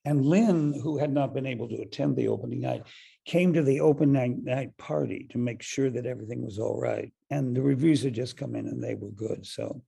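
An older man, an actor and director, telling a long anecdote in an interview, halting often with fillers and restarts. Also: mid-range voice, creaky, warm tone, husky.

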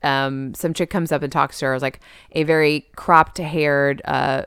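A woman co-hosting a podcast, casually recapping a show and acting out characters' lines in quick quotes. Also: low voice, fairly even intonation, a bit bright, clear, resonant tone, no room sound, clean studio sound. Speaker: podcast co-host.

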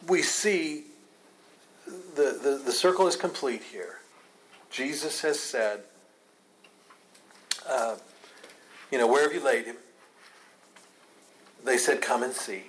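Male Bible study teacher, emphatic, mid-pitched, light noise behind. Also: takes it slowly, pauses often, low-quality recording. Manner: earnest, emphatic, takes questions.

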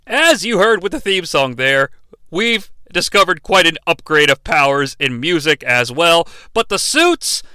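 A man's voice: a little high, big pitch swings, measured pace, sharp tone, clean tone, no room sound. A young man giving a comedic movie recap in a sarcastic, profane way. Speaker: movie reviewer.

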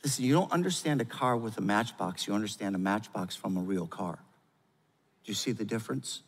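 An older man preaching a sermon as pastor, with emphatic delivery that swings from loud urgency to quiet gravity. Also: lowish voice, a little fast, husky. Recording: long hall reverb.

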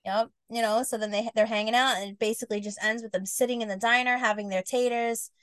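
A woman co-hosting a podcast who tells a goofy story in animated casual chat, with lots of fillers. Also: a little high, fast talker, clear, resonant tone, no echo. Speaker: podcast co-host.

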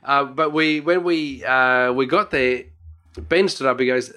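A man's voice: medium pitch, moderate pace, pushed and bright. A man with an Australian accent, co-hosting a casual chat and telling a long travel story with lots of restarts and laughter. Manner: rambling storyteller, many restarts, laughs often.

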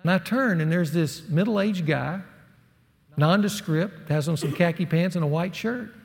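A middle-aged man preaches to a room of men and spins a personal story with folksy energy. His voice sits a bit high and has a gravelly edge. A long reverb from a large hall trails his words. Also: measured pace. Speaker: speaker at a men's ministry session. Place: large hall with a live audience.

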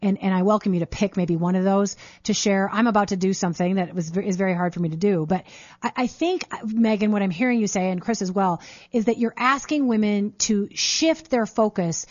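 A woman's voice: mid-range voice, brisk, a little mellow, dry recording, dull audio. A middle-aged woman hosting a talk show, chatty and prone to repeating words as she asks questions. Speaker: host. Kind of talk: casual interview talk.

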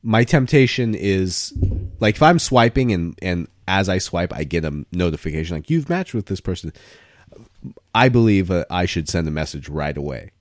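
A young man talks through his ideas in loose, rambling chat, often restarting to rephrase. His voice sits very low and is recorded dry and close. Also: moderate pace, no room sound. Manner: rambling, self-correcting, animated. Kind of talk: casual chat.

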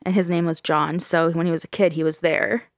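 A woman's voice: lowish voice, steady tone, brisk, dry recording, studio quality. A woman from Ontario hosting a casual podcast, telling a ghost story with frequent laughs and swearing. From Ontario, Canada. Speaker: podcast host.

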